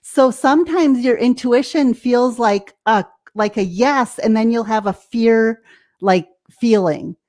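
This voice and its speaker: A woman's voice: a little high, slow, a little mellow. An American woman, a life coach as guest, explaining things casually, laughing often and acting out her own reactions. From United States.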